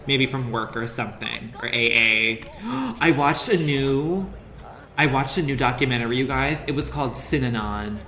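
A man's voice: mid-range voice, normal speed, pushed and bright. A young adult man doing casual, crude, rambling commentary while streaming a game. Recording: roomy echo with faint ambient noise.

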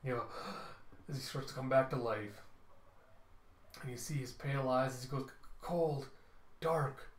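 A man's voice: medium pitch, fairly even intonation, a little fast, long pauses. A man reviewing a comic book, narrating the panels in a loose, offhand way with fillers. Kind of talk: casual comic read-through narration. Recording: roomy echo.

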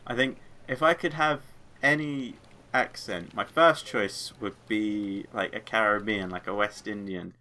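A man's voice: on the low side, measured pace, bright, forceful tone. A man doing casual let's play commentary, chatty and rambling, drifting off into tangents and singing along to music. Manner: rambling, chatty, easily sidetracked. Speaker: gaming video creator.

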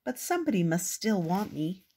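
An older woman voicing a hopeful young male valentine card, raising her voice high and earnest for him in a storybook. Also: very animated, normal speed, dark tone, breathy edge. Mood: forlorn.

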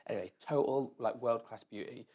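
A man's voice: medium pitch, fairly quick, dark tone, slightly rough. A man guest chatting casually in front of an audience, telling rambling self-deprecating stories full of "like". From England. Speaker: interview guest. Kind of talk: casual storytelling chat. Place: event room with live audience.

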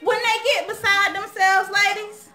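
A woman's voice: very high voice, fairly even intonation, a little slow, pushed and bright, faint music behind. A young woman hosting her own channel, talking straight to the viewers in a casual, outspoken chat and telling stories with a lot of animation. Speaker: vlog host.

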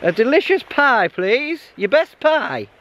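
A man's voice: very high-pitched, sing-song, takes it slowly, dull audio, slight background noise, voice pushed up, exaggerated voice. A man voicing an exaggerated, starving version of himself, comically begging a barman for pie. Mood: pleading comic.

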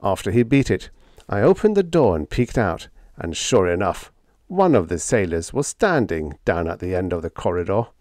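A man reading a humorous story aloud, with a lively, playful first-person telling. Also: low-pitched, normal speed, no room sound, clean studio sound. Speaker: audiobook narrator.

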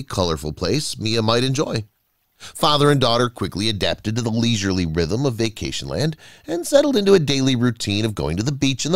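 A male narrator telling a scripted story, his pitch rising and falling widely. His delivery is dramatic and expressive. The sound is dry and close, without room echo.

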